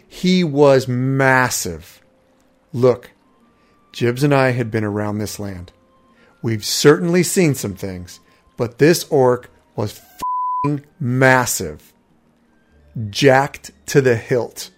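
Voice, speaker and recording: A man's voice: mid-range voice, a little mellow. Man reading a wry fantasy story. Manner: conversational, wry asides. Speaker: narrator.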